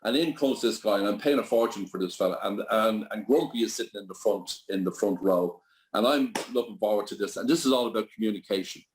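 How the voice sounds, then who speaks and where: A man's voice: on the low side, fast. An older Irish man, a guest on an interview show, telling rambling anecdotes full of restarts. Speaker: guest entrepreneur. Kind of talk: storytelling interview.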